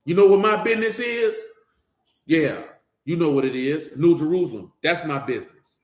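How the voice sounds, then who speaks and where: A man's voice: on the high side, expressive, normal speed. A man giving an informal Bible teaching in a conversational, slangy way, speaking straight to his listeners. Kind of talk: informal sermon. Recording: roomy echo.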